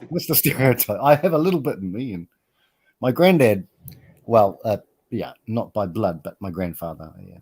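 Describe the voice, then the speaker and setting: A man's voice: fairly low pitch, animated, moderate pace, a little mellow, slightly rough. A man hosting a live stream, chatting casually in a rambling, self-deprecating way and laughing often. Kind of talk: casual chat.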